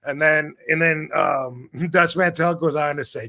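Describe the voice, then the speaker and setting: Animated, swearing middle-aged man. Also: on the high side, measured pace, creaky, few pauses. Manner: rambling, animated, swears freely. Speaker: show host. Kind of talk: casual live-stream chat. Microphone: video call setup.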